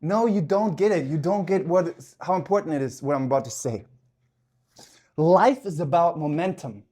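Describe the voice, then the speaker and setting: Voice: mid-range voice, a little mellow. A life coach giving an intense, emphatic motivational podcast talk while working out, swearing for emphasis. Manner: talks while working out at the gym.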